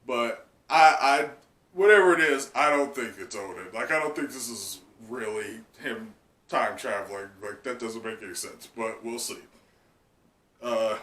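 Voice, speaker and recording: A man chatting excitedly through a live reaction, talking loosely with lots of "like" and trailing thoughts. His voice sits at an ordinary middle pitch. The mic is set back from him, and the room gives the sound a noticeable echo. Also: unhurried. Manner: excitable, chatty, heavy use of "like". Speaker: manga reaction channel host. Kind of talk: casual live reaction commentary. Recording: roomy sound from a distant mic.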